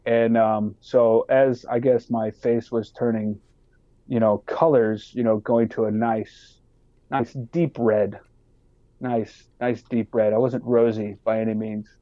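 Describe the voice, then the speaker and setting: A man's voice: mid-range voice, takes it slowly, no echo, dull audio. A man who is a podcast guest and army sergeant, telling a story casually, swearing and acting out the voices of other people. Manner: profane, animated, acts out quoted voices.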